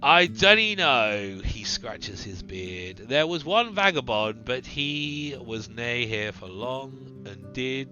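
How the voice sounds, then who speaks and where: A man voicing a portly, bearded male villager trader with a gruff Scottish accent. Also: mid-range voice, expressive, takes it slowly, few pauses, pushed and bright, dull audio, faint music behind.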